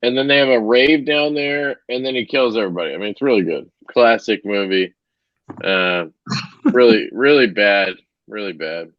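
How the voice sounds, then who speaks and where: A man's voice: medium pitch, animated, moderate pace, no room sound. Male podcast co-host, easygoing and profane, dry muffled home recording. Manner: loose, swearing, joking. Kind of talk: casual podcast chat.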